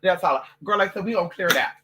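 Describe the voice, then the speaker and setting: An adult vlogger ranting to camera, loud and profane, swearing constantly and slipping into mocking voices for other people. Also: medium pitch, quick pace, noisy background. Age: adult, parent of a toddler.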